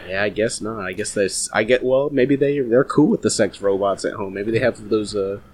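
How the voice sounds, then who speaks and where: A man's voice: lowish voice, normal speed, darkish tone, slightly rough. A man co-hosting a casual podcast, laughing often and swearing freely. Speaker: podcast co-host.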